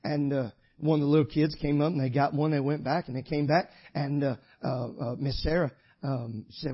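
Husky preacher, high voice. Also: male voice, fairly even intonation, brisk, few pauses, dull audio. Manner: preaching, swings from shouting to quiet storytelling. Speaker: pastor. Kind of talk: sermon.

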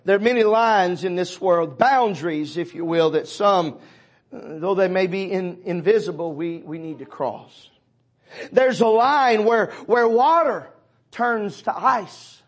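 A man pastor preaching a sermon, swelling loud and dropping low, calling on congregation members by name. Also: a little slow.

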